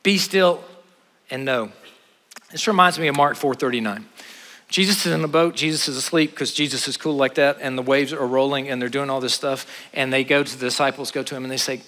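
A man preaches with a bright, forceful voice, leaping from loud pleading to quiet, and acting out scripture scenes in playful voices. His voice rings with the long reverb of a large hall. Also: mid-range voice, fairly quick. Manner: animated, acts out Bible scenes in voices. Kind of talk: sermon.

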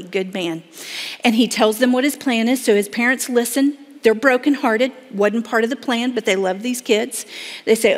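A woman's voice: fairly high pitch, moderate pace. A woman telling a dramatic story to an audience, acting out the voices of the people in it. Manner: dramatic, acts out quoted voices. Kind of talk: emotional storytelling talk. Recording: long hall reverb.

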